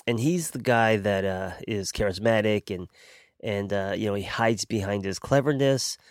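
Male podcast host, 40s, congested and nasal, low-pitched, loose self-deprecating ramble, very dry room. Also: normal speed, dry recording. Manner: rambling, self-deprecating, many fillers and restarts. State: stuffy nose from allergies, sniffling. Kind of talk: casual unscripted monologue. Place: lying down at home.

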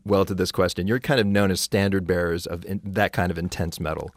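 A man's voice: deep voice, fairly even intonation, brisk, no room sound. A man hosting a radio interview, playful and teasing, reading out listener questions. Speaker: radio show host. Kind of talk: casual interview chat.

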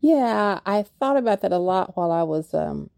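A woman's voice: mid-range voice, lively intonation, moderate pace, vocal fry, a little mellow, dry recording, studio quality. An older woman with a Kentucky accent, speaking as an author guest in a radio interview, reflective and hesitant, with many fillers.

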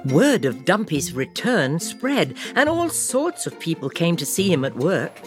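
A woman host reading a children's picture book aloud, expressive and playful with sound effects. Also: fairly low pitch, unhurried, faint music behind. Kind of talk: children's storybook read-aloud.

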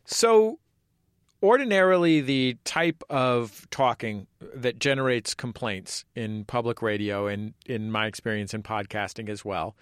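A man's voice: medium pitch, measured pace, a bit bright, clean tone, no room sound, studio quality. A man from San Francisco interviewing a guest with wry, playful questions. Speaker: podcast interviewer.

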